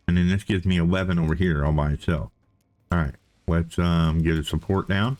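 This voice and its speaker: His voice sits low, creaky and a little mellow. Hosting a let's play, he offers casual, chatty commentary on the game, thinking aloud, repeating himself, and talking to himself playfully.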